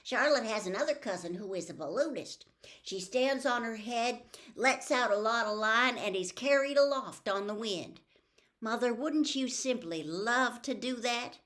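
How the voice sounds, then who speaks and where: An excited little farm girl from a storybook, pitched high and speaking with insistent enthusiasm. A woman reads her lines. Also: a little slow. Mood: eager.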